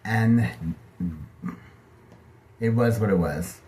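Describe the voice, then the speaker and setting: A middle-aged man telling personal stories in a casual, gossipy monologue, lively and animated as he acts out what people said. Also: on the low side, extremely slow. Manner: chatty, gossipy, animated, acting out other people's lines. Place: home bathtub.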